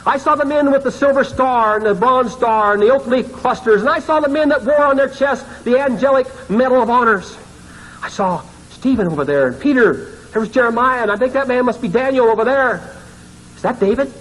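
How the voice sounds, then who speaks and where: A male pastor tells a dream story in a dramatic sermon, often sinking to hushed, ashamed tones. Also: very high-pitched, a little fast, low-quality recording.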